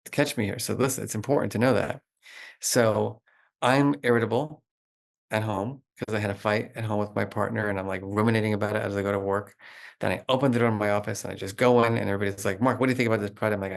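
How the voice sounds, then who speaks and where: A middle-aged man talking as a guest expert in an interview, animated and explanatory, with lots of "like" fillers. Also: lowish voice, creaky. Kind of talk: conversational interview.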